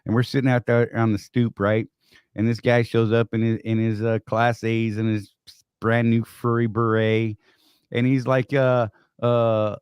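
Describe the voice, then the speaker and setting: A man's voice: lowish voice, darkish tone, clean tone, no echo. Rambling, storytelling man, dry sound. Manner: rambling storyteller with frequent restarts. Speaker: co-host. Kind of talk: casual live-stream chat.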